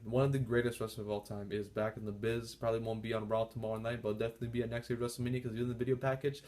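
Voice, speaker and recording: A young man giving a casual, rambling recap of a wrestling show, repeating himself often. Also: mid-range voice. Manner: excited, overjoyed shouting. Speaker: wrestling fan vlogger reviewing a show.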